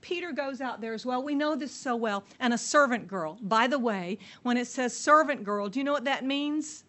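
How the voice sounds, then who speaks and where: A woman's voice: fairly high pitch, moderate pace. Woman teaching a Bible story. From United States. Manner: lively storytelling, asks the audience questions.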